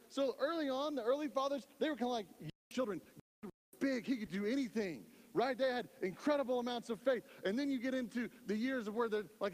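Man, pastor, high voice, conversational sermon, long hall reverb. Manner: conversational preaching, lots of "right?".

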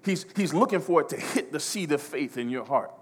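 A man preaching a sermon, emphatic and repetitive, swinging between loud declarations and hushed passages. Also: a little high, lively intonation, brisk, slightly rough.

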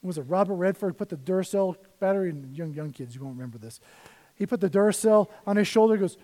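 A middle-aged male pastor with a notably high voice delivers a sermon. He drops to quiet, murmured asides, then rises into loud, emphatic readings from scripture. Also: expressive, fairly quick.

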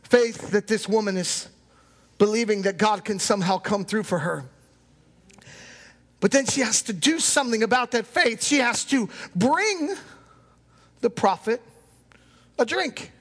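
High-voiced man preaching in an echoing hall. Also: expressive, unhurried, long pauses, a bit bright. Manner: impassioned preaching, acts out quoted voices. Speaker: pastor. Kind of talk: sermon.

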